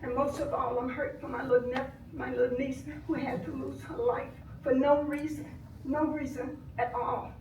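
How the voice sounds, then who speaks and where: An older woman giving impassioned public comment at a board meeting, swinging between soft grief and loud anger. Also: high voice, level tone, moderate pace, slight background noise. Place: village board meeting room. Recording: echoey room, voice from far off.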